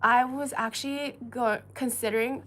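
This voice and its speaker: A woman's voice: a little high, steady tone, moderate pace, a bit bright. A woman hosting a casual chat, chatty and full of questions, laughing often. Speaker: host.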